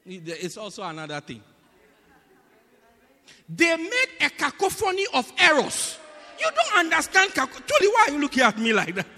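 A man preaching a sermon in a teaching manner, often checking whether the congregation understands, swinging between loud bursts and quiet asides. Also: very high-pitched, wildly swooping pitch, normal speed, long pauses, in a large hall. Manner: teaching, repeatedly asking the congregation "do you get it?".

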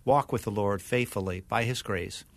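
A man's voice: fairly low pitch, normal speed, no echo. An older man, a guest minister, telling stories in a casual interview and often restarting his sentences. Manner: storytelling, chuckles, restarts often.

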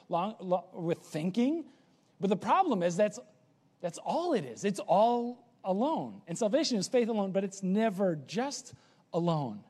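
A man preaching a sermon as pastor, animated, acting out the voices of characters in his story. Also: sits high, husky. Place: church stage. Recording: long reverb of a church hall.

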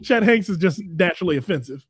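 A man's voice: sits high, lively intonation, quick pace, breathy edge, no room sound. A man co-hosting a comedy podcast in a studio, teasing and laughing often in casual banter. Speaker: podcast co-host.

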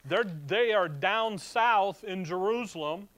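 A man's voice: sits high, takes it slowly, a bit bright. A middle-aged man as a pastor, preaching in a conversational way and reading scripture aloud to his church. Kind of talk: sermon.

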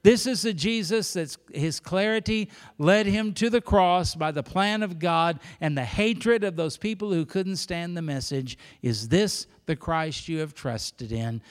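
A man's voice: on the high side, a little slow, few pauses. An older male pastor preaching a sermon in a church, emphatic and pleading, often repeating key phrases. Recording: long reverb of a church hall.

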